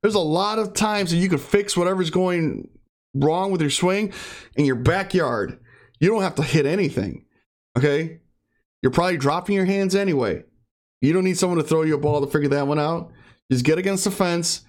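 A man's voice: on the high side, moderate pace. A young man giving a blunt, profane pep-talk rant in a casual monologue.

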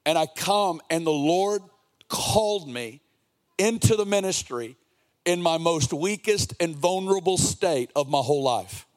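A man's voice: a little high, animated, a little slow. A man in his forties preaching an earnest, impassioned sermon, sometimes lilting into a sing-song cadence.

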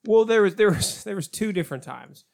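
Young male co-host, high voice, chatty reminiscing. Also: lively intonation, fairly quick, creaky, darkish tone. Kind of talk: casual chat.

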